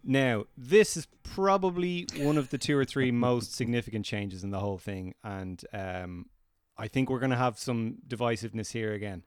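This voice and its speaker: A man co-hosting a film podcast, leading the discussion in an animated, opinionated way. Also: mid-range voice, normal speed, hardly any pauses, clear, resonant tone, dry recording, studio quality. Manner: animated and opinionated, leads the segments. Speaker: podcast co-host.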